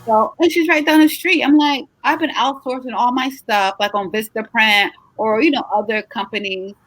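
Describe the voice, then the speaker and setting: A woman's voice: on the high side, normal speed, fairly bright tone, dry recording. A middle-aged woman runs a casual live chat in a chatty, encouraging way, stretching words for emphasis. She sounds tired. Her voice is dry and close, with no room around it. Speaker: host, travel agency owner.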